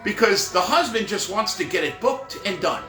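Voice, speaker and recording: Animated storytelling man, high and lively. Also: normal speed. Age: middle-aged. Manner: rambling, animated, full of asides like "right?" and "whatever". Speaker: professional Santa performer telling stories. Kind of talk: casual storytelling monologue. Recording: roomy echo with faint music behind.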